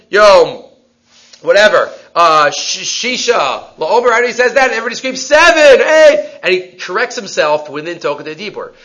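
A man leads a Talmud class, quickly citing sources and asking rhetorical questions. His voice sits a little high. The recording sounds dull and lo-fi. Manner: animated, quick Hebrew-Aramaic citations, rhetorical questions. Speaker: Talmud teacher.

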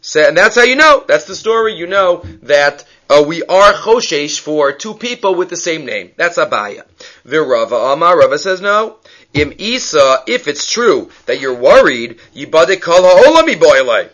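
A man leads a text-study lecture with a bright, forceful tone and a slightly high pitch. He keeps checking in with the listener, asking "right?", and he acts out the people in the stories he tells. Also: moderate pace, muffled recording. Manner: lively, questions the listener with frequent "right?". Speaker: Talmud teacher.

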